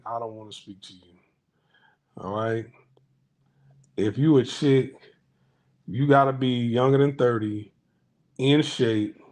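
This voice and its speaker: Speaking in a darkish mid-range voice, a man runs a commentary channel and addresses viewers in a loose monologue. It's a blunt rant with swearing and lots of restarts, and he voices the other characters in his anecdotes.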